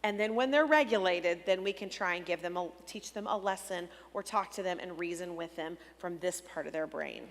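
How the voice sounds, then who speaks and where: A middle-aged woman speaking into a stage microphone at a church conference breakout session, explaining clearly and gently. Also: lowish voice, brisk, few pauses. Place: large church hall. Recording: long hall reverb.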